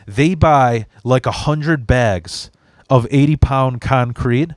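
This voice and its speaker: A man's voice: mid-range voice, takes it slowly, no echo, studio quality. A man from Chicago hosting a podcast, telling stories in a rambling, heavily profane way full of restarts. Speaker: podcast host. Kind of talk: casual storytelling chat.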